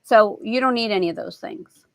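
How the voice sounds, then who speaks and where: Animated middle-aged woman, dry close sound. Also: a little high, moderate pace, no echo. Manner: animated storytelling, acting out family voices. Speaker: host. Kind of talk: spiritual lesson talk.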